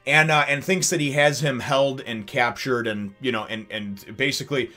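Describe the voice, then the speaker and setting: A man hosting a casual episode review, rambling and animated, full of fillers, chuckles and acted-out bits. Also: mid-range voice, moderate pace, hardly any pauses. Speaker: anime reviewer and channel host.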